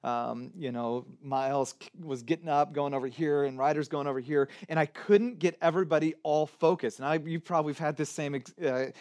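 A man in his thirties preaching a sermon, chatty and informal, swinging from loud stress to quiet, hushed lines. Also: fairly high pitch, a little fast, few pauses. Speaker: pastor.

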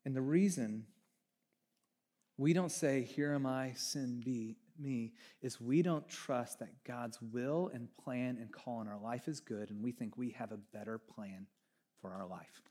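A man preaching a sermon as pastor, animated, swinging from hushed lines to near shouting. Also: medium pitch, measured pace.

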